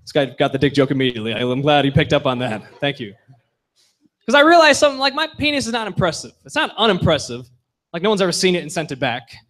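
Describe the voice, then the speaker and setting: A young man doing a stand-up comedy set on a bar stage, with punchy deadpan delivery that drops low for asides. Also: fast.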